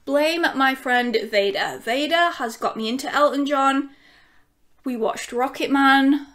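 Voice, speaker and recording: A woman chatting excitedly at home as she unboxes a record for her vlog, gushing and talking to her dog. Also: high-pitched, measured pace. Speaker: vinyl collecting YouTuber.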